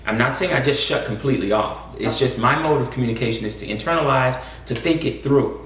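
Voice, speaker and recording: Gravelly man co-host, measured and preacherly. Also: medium pitch, a bit bright. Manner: measured, preacherly, rising with emphasis. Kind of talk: casual chat. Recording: echoey room, far from mic, faint noise.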